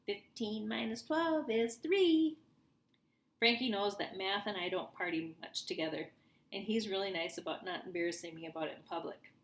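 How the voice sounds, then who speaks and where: A woman reading a children's book aloud in a lively storytelling manner for young listeners. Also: lowish voice, a little fast, a little hiss or hum. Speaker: reader. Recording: roomy echo.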